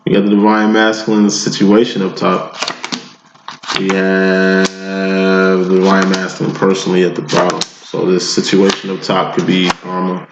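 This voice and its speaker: A man giving a casual tarot reading in a laid-back, slangy way, with a flat monotone delivery. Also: low voice, moderate pace. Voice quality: self-described monotone. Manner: laid-back, slangy, chuckles between lines. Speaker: tarot reader. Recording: echoey room, dull lo-fi, loud background noise.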